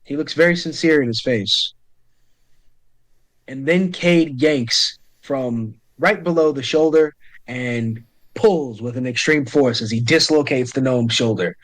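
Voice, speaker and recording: A man narrates a tabletop role-playing session as game master, pausing on fillers as he describes what happens. His voice sits at an ordinary middle pitch. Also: poor audio.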